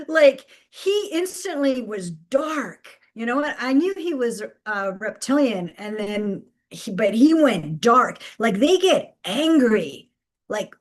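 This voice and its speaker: A woman's voice: fairly high pitch, sing-song, slow. A woman hosting a live spiritual guidance stream, speaking emphatically, repeating key phrases and laughing between points.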